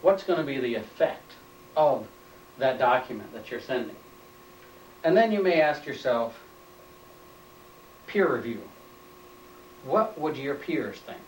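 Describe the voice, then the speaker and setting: A little hiss or hum sits under this instructor's mid-range voice. He gives a training lecture, stating points plainly and repeating them as questions, recorded indoors on a camera mic from a distance with roomy, off-mic room sound.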